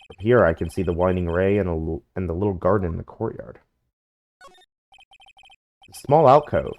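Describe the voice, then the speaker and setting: A man's voice: low-pitched, moderate pace, lo-fi sound, soft background music. A man reading game dialogue aloud in a dry, wry tone during a playthrough.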